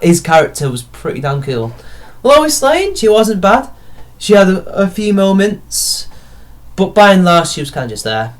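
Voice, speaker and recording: A young man giving a casual, rambling film review, opinionated and often correcting himself mid-sentence. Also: a little high.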